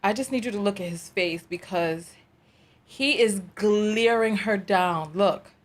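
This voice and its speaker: A woman's voice: medium pitch, measured pace. A woman hosting a reaction video, commenting in an exasperated, dramatic way and laughing through it.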